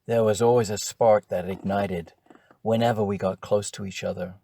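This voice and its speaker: An older man reading his own memoir aloud in a measured, wry first-person storytelling manner. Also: lowish voice, steady tone, vocal fry, dark tone, slightly rough. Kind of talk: audiobook narration.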